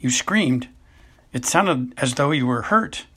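A blunt, impatient teenage boy pressing with urgent questions, read by a man in a lightly raised voice. The tone is husky and a touch louder than the narration. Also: mid-range voice, animated, takes it slowly, heavily acted. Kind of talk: amateur audiobook reading.

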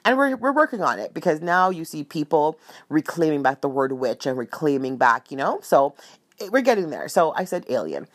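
Animated woman telling a personal story. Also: low-pitched, fairly quick. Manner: animated, often asking "right?" and "you know?". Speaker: storyteller sharing a spiritual anecdote. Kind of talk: casual storytelling monologue.

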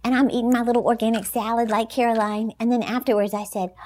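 A woman with a high, bright-toned voice gives an inspirational talk as a Christian motivational speaker. She talks in an emphatic, animated way, often breaking into laughter. Her delivery stays lively and encouraging. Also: fast talker.

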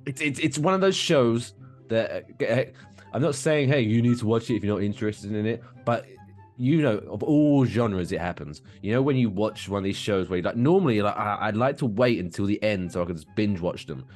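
A man's voice: on the low side, lively intonation, a little fast, a little mellow, faint music behind. A man co-hosting a podcast in casual chat, telling profane rambling stories with a tired, wearing-out voice. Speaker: podcast co-host.

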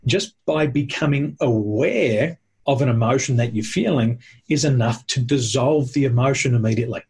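A man with a very husky, breathy voice talks in a conversational, teacherly way. He stresses his points and runs through them as lists. His pitch sits in the middle. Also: moderate pace, darkish tone. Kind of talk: conversational explaining.

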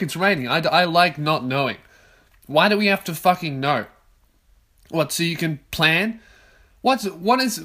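Profane young Australian man ranting. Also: a little high. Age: 20s. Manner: profane, ranting, loud outbursts. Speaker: podcast host. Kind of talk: casual solo podcast rant. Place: his own bedroom.

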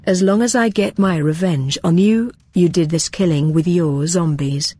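Woman voicing a gloating male villain, low husky tone, homemade sci-fi story. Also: moderate pace, warm tone, soft background music. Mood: defiant. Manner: gloating, threatening. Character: scheming male villain in charge of a facility.

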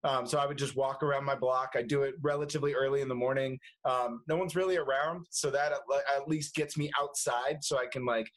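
A man's voice: mid-range voice, steady tone, fairly quick, few pauses, poor audio. A young man, a movie reviewer chatting casually as a guest, laughing often and restarting his sentences. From United States. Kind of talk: casual interview chat.

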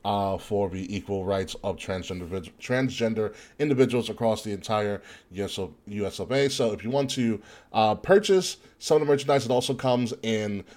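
Young male co-host, lower voice, relaxed and filler-heavy. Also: normal speed, few pauses. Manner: easygoing, laughs often, loose plugs with fillers. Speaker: podcast co-host. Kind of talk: casual chat and merch plug.

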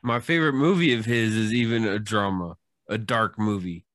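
A man co-hosting a podcast in casual chat, laid-back and measured. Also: on the low side, a bit bright, no room sound. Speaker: podcast co-host.

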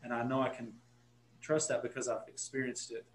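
A man's voice: mid-range voice, flat delivery, brisk, reverberant, a little hiss or hum, low-quality recording. A man with a Texan accent, a guest pastor telling a story in casual podcast talk, earnest and correcting himself as he goes.

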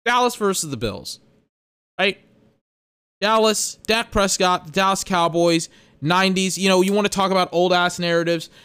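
Exasperated swearing podcast host. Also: male voice, high-pitched, moderate pace, fairly bright tone, clear, resonant tone, no room sound. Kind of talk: ranting sports commentary.

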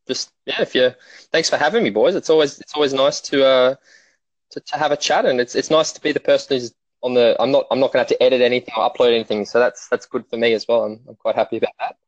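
Young Aussie male guest, easygoing banter, frequent restarts, mid pitch, close dry muffled recording. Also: quick pace, dry recording. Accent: Australian. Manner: laid-back, joking, stumbling restarts. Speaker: podcast guest. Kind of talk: casual chat. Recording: dull lo-fi audio.

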